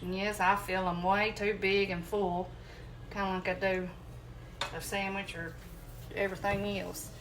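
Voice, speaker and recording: A home cooking vlogger, a woman with a medium-pitched, fairly bright voice, chats folksily with viewers she calls y'all while cooking in her home kitchen. There's a little hiss or hum on the audio.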